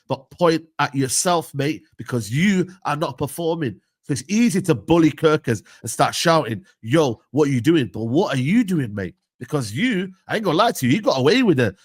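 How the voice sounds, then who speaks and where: A young man rants in a heated football debate, his voice lively and climbing high. He talks in quick bursts of slang and sounds worked up. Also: husky. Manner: animated, ranting, slangy. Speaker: football pundit and United fan.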